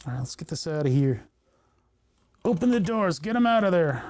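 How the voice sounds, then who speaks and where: A man's voice: on the high side, very animated, moderate pace, darkish tone. A man chatting casually on a livestream while he solders, thinking aloud and talking to the parts in his hands. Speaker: electronics livestreamer.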